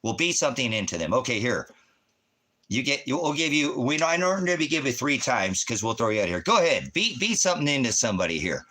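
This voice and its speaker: A man hosting a ministry livestream, ranting in an angry, scornful and combative way, swearing loudly. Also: mid-range voice, big pitch swings, a little fast. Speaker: ministry host reading viewer comments. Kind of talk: profane livestream rant.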